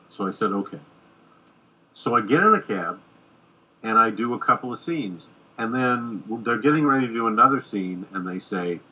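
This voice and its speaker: A middle-aged man with a low, husky voice that carries a bright, forceful edge. He tells a long anecdote in a casual interview, slipping into the voices of the people he quotes. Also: normal speed, poor audio. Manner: animated anecdote-telling, acting out quoted dialogue. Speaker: screenwriter guest. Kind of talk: casual storytelling in a podcast interview.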